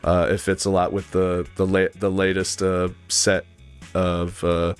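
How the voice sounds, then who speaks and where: A man's voice: low voice, completely flat delivery, a little slow, smooth. A man in a casual chat about music, rambling with lots of fillers and humming riffs aloud. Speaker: podcast panelist.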